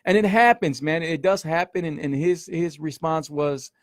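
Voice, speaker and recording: A man's voice: on the high side, moderate pace, no echo, clean studio sound. A middle-aged man, hosting a casual livestream as a keto coach, emphatic and repetitive, peppering his talk with man and y'all. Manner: emphatic, repeats himself, says man and y'all often. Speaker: keto coach and show host.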